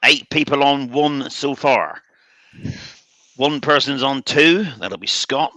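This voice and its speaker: A man keeping score on a live quiz stream, talking through a headset in a soft voice that trails off at the ends of lines. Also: mid-range voice, takes it slowly, dry recording, poor audio. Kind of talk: casual banter.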